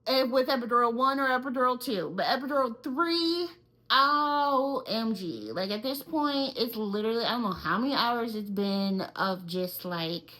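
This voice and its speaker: A woman's voice: medium pitch, fairly bright tone, low-quality recording. A young woman co-hosting a podcast, telling a personal story casually and animatedly, with many filler words. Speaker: podcast co-host.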